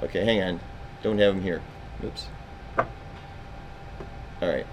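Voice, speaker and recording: A man's voice: deep voice, slow pace, darkish tone, a little hiss or hum, low-quality recording. A man teaching a Bible class in a classroom, talking casually, quizzing his students and often restarting his sentences.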